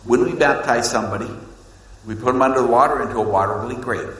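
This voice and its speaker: A man preaching a sermon as pastor, swinging between loud emphasis and hushed, low lines. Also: fast. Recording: echoey hall with long reverb.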